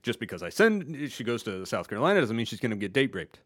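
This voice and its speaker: A man in his forties co-hosting a casual conversation, animated and quick to chime in with agreement. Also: mid-range voice, dry recording, studio quality. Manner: self-deprecating about doing accents. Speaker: podcast co-host.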